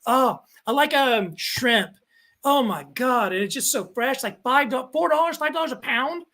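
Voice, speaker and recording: A young man from El Paso, Texas, who works as a local TV sports reporter, speaks in an extremely high-pitched voice at normal speed. Appearing as a podcast guest, he chats casually and rambles through stories, telling them in an animated way packed with fillers.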